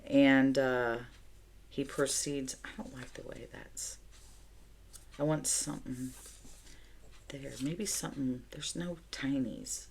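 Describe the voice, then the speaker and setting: A woman's voice: very deep voice, takes it slowly, vocal fry, long pauses, slight background noise. A middle-aged woman chatting casually as she tells a story while decorating her planner at home. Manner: chatty, animated storyteller who talks to herself while decorating. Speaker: planner vlogger.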